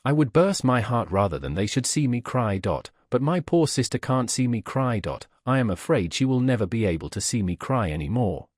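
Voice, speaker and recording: A man's voice: medium pitch, sing-song, fairly quick, hardly any pauses, a little mellow, no echo, studio quality. A man reading an audiobook, voicing a frightened, loyal little girl who pleads earnestly. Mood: tearful pleading.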